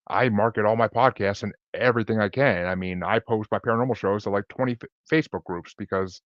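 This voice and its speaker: A man's voice: lowish voice, fast talker, no echo, highs cut off. A man talking as a podcast guest in a laid-back, chatty, rambling way over a video call. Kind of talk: casual interview chat.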